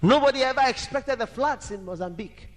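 A man preaching a sermon dramatically, shouting at times and breaking into song. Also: lively intonation, fairly quick. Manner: dramatic, shouting and singing, wide swings in pitch. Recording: echoey hall reverb.

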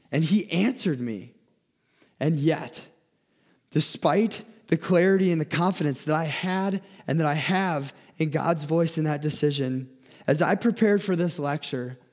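A man's voice: fairly high pitch, a little mellow. A young man giving a sermon in an earnest way, often repeating and restarting his words as he speaks.

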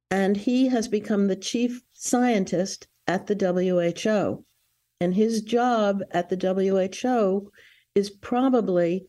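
A woman's voice: mid-range voice, warm tone. A woman answering interview questions in an earnest, warning way, with frequent fillers and restarts. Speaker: guest.

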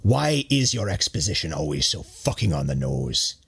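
A bad-tempered old Santa in a spoken story, gruff and given to swearing. A man puts him on in a deep, husky register that sits low and rough. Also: very animated, moderate pace, exaggerated voice. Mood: irritated. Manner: swearing, grumbling. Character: gruff old one-eyed Santa, foul-mouthed and irritable.

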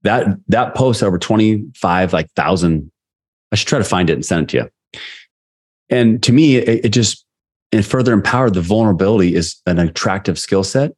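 A man's voice: fairly low pitch, animated, normal speed, a little mellow. A man, a sales leadership coach, talking candidly as a podcast guest and retelling conversations as anecdotes. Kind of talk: casual interview storytelling.

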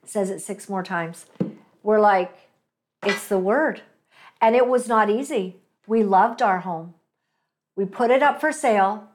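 A woman's voice: mid-range voice, unhurried. A woman from Canada hosting a talk show, telling a personal story in a chatty way with many fillers and asides. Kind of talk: casual faith-based commentary.

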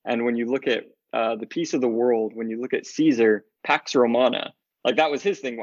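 A man's voice: mid-range voice, steady tone, moderate pace, dry recording. A man talking earnestly and laughing often as a guest in a casual podcast chat about faith, with dull lo-fi sound.

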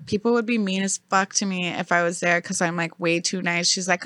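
A woman's voice: medium pitch, fast talker, hardly any pauses, pushed and bright, no room sound. A young woman in casual podcast chat, blunt and swearing freely, laughing often.

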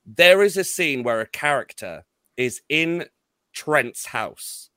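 A man's voice: fairly high pitch, expressive, takes it slowly, bright, forceful tone, no echo. Exasperated swearing man ranting. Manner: rambling, exasperated, swears often, many restarts. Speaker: podcast co-host. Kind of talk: casual film review chat.

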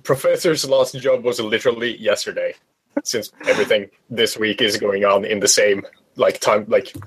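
A man's voice: lowish voice, moderate pace, fairly bright tone, a little hiss or hum. A man playing a tabletop game, describing his character in a rambling, hesitant way. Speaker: player. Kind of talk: casual chat.

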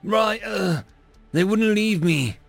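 A man's voice: high-pitched, animated, normal speed, creaky, no room sound, soft background music, voice pushed up. A man voicing a timid, plump alien patrolman who stammers and whimpers, in a storybook reading. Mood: panicked.

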